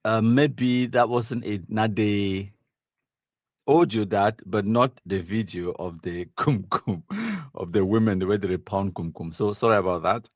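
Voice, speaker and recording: A man's voice: lowish voice, a little slow, no room sound, lo-fi sound. A man with a Cameroonian accent hosting a live stream, casually reading viewer comments aloud, mixing in Pidgin and laughing often.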